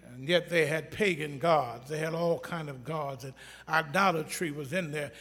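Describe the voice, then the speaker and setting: A man preaching a sermon in a church, blunt and folksy, talking straight to the congregation and building to emphatic shouts. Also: on the high side, moderate pace. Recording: echoey church hall.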